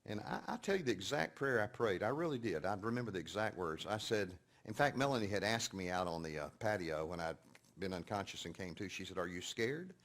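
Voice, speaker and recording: A man giving a sermon-style teaching to an audience, telling stories and moving between quiet, hushed passages and loud, emphatic points. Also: deep voice, animated, a little fast. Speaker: speaker teaching a session.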